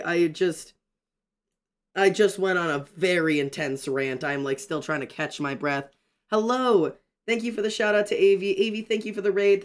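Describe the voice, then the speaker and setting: A young man chatting excitedly on a livestream while drawing, ranting and greeting his chat. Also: high voice.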